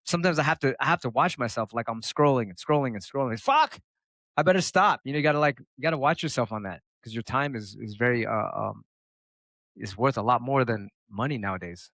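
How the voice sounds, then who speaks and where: Profane, animated man in interview. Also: mid-range voice, fast talker, no echo. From United States. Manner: profane, animated, acts out quotes. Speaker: turntablist guest. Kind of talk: casual interview talk.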